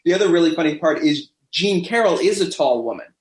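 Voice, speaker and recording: A man in a casual podcast chat, telling lively backstage stories and acting out what people said. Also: fairly high pitch, quick pace. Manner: animated storyteller who acts out quoted voices. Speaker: podcast guest. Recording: roomy echo.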